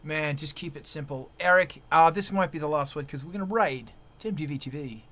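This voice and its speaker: A man hosting a live stream as a musician, talking in a rambling, excitable, teasing way. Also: fairly high pitch, a little fast. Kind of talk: casual live-stream chat.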